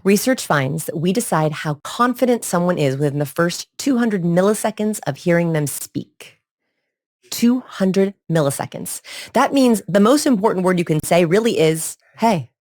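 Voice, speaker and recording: A woman speaking as a body language expert guest in a podcast interview, animated and demonstrating vocal tones. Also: on the low side, normal speed, few pauses.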